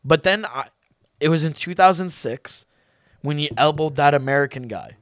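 Animated young man in football chat. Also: fairly high pitch, moderate pace, no echo, clean studio sound. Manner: animated, swears freely, rambling restarts. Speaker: podcast co-host.

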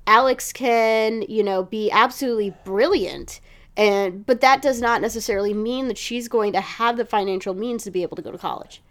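A woman co-hosting a podcast, chatting casually about a TV episode, animated and swearing freely. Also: on the high side, normal speed. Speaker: podcast co-host. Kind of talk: casual chat recapping a TV episode.

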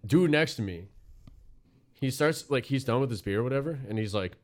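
Lively rambling storyteller man. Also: mid-range voice, fairly quick. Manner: rambling storyteller, swears a lot. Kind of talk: casual chat.

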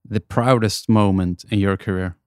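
A man hosting a podcast interview, firing off quick, brisk questions. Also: fairly low pitch, steady tone, a little mellow, clear, resonant tone, no room sound, studio quality. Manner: brisk, rapid-fire questioning. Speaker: podcast host.

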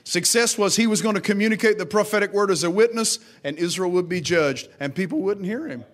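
A man's voice: high-pitched, brisk, fairly bright tone. A middle-aged pastor preaching a sermon, acting out scripture quotes with dramatic rises in his voice. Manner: dramatic rises when quoting God.

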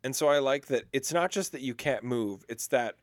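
A young man co-hosting a casual podcast chat, playful and quick to slip into silly voices. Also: medium pitch, dry recording, clean studio sound. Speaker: podcast co-host.

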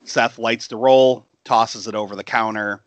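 A man's voice: medium pitch, steady tone, unhurried, no echo, muffled recording. A man hosting a podcast who retells a film in casual chat, laughing often and swearing freely. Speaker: podcast host.

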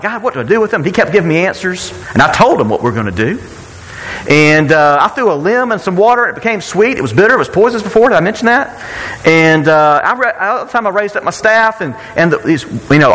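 A man's voice: high-pitched, fairly bright tone, in a large hall. A man voicing Moses as a boastful, rambling man with an American Southern accent. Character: boastful Moses, middle-aged man bragging.

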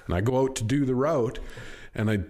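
A middle-aged man, a podcast guest, talking casually, swearing freely and telling stories with lively swings in his voice. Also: brisk, a little hiss or hum. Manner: swears freely, animated storytelling with big pitch swings. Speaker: podcast guest, business owner. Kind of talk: casual chat.

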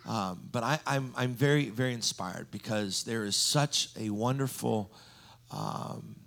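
A man's voice: mid-range voice, unhurried, creaky, a bit bright, a little hiss or hum. A man preaching a sermon, telling stories with frequent ums and restarts. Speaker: guest preacher.

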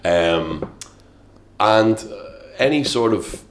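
A man with an Irish accent and a very deep voice chats casually as a podcast guest. He tells stories with lots of energy and acts out what people said. He talks in a loose, conversational way. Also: drawn-out words, slight background noise. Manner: animated storyteller, acts out quotes loudly.

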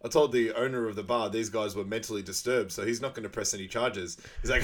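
A man's voice: on the low side, fairly even intonation, fast, few pauses. A man co-hosting a podcast, casually recapping a film, laughing often and acting out quoted lines. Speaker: podcast co-host.

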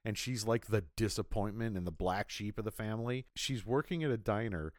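A man's voice: fairly low pitch, fairly quick, no echo, clean studio sound. A man co-hosting a casual movie podcast, wandering into long, joking tangents. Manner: rambling, tangent-prone storyteller. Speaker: podcast co-host. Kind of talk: casual chat.

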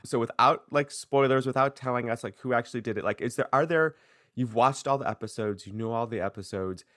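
A man's voice: mid-range voice, fairly quick, fairly bright tone, dry recording, clean studio sound. A man hosting a podcast, chatting casually and playfully with his guests. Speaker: podcast host. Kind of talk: casual chat.

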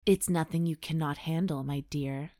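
A woman's voice: low voice, normal speed, mellow, no room sound, studio quality, lightly acted. Smug undead king, as a woman reads him out. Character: ancient undead male king, smug and commanding.

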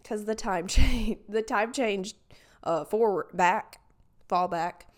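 A young woman with a raspy, nasal voice and a country accent, rambling casually as a podcast host with lots of "like". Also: mid-range voice, slow. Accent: US Southern. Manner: rambling, filler-heavy with frequent "like". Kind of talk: casual solo podcast chat.

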